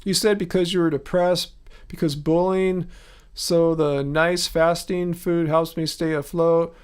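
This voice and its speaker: Guy in his 40s on a livestream answering chat, earnest and questioning, voice a bit on the high side. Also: steady tone, unhurried, smooth. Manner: earnest, questioning, conversational with many restarts. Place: home studio.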